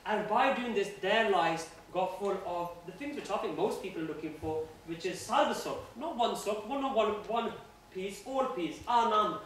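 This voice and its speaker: High-voiced earnest man in echoey room. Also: lively intonation, moderate pace, a bit bright, recorded from a distance. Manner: earnest, conversational. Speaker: guest speaker at a university society. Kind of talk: informal religious talk. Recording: echoey room, voice from afar, faint noise.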